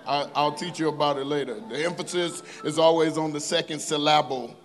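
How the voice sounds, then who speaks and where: A man with a high, light voice preaches in church, reading scripture slowly and with emphasis between playful asides to the congregation. Faint music plays softly behind him. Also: fairly even intonation. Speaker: pastor. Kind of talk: sermon. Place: church sanctuary.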